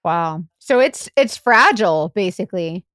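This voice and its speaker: A woman's voice: on the low side, animated, a little slow, fairly bright tone. A woman co-hosting a podcast, chatting casually and reacting with short exclamations. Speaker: podcast co-host. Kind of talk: casual chat.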